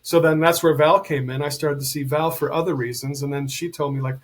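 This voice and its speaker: Middle-aged male guest, husky, slightly high register; animated storyteller who acts out quotes. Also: fairly quick. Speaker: podcast guest, healer and medium. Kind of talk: casual conversation.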